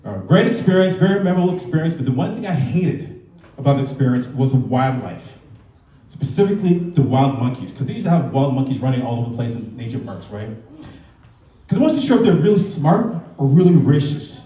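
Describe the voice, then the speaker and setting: A man in his thirties with a dark, mid-range voice and big pitch swings talks fairly quickly during casual stand-up on a club stage. He performs voices amid audience laughter, and the recording is distant and roomy.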